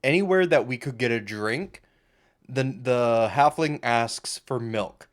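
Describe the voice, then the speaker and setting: Male co-host, laid-back banter, mid-range voice. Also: medium pitch. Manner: easygoing, joking, quick to agree. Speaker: podcast co-host. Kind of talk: casual chat.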